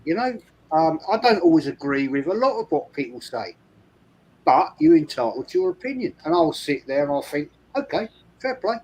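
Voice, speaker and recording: Husky london guy hosting a fan stream, blunt, swears a lot, voice jumps up and down. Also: on the high side, expressive, brisk, darkish tone, rough recording. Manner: blunt, emphatic, swears freely. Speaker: host of a fan channel. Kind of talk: casual chat on a live stream.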